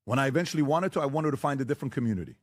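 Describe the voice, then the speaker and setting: A man debating on a talk show, who lectures forcefully and keeps firing rhetorical questions and blunt warnings. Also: mid-range voice, animated, rapid-fire, no echo, studio quality. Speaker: podcast guest debating the host. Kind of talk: heated debate.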